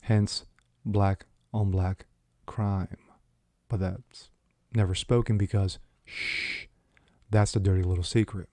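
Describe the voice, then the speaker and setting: A man with a low, dark voice reads news stories aloud and cuts in with scornful, sarcastic remarks. The recording is dry and close, with no room sound. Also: flat delivery, measured pace, no room sound. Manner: sarcastic, mocking asides between quoted passages. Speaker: commentary channel host. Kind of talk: opinion commentary reading news aloud.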